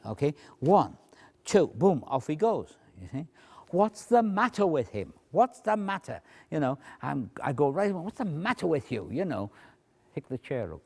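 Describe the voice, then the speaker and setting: A man with a middling pitch and a lively, swooping delivery walks through a stage routine as if teaching a class. He shifts between a raised, performing voice and a hushed near-whisper to show how he cues his volunteers. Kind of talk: demonstration lecture.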